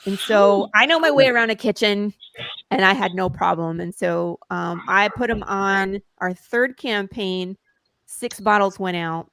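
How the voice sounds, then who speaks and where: A woman's voice: mid-range voice, unhurried, vocal fry. A woman, a comic creator, chatting as an interview guest and telling stories with laughs and acted-out quotes. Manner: lively storyteller who laughs often and acts out quotes. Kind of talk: casual interview chat.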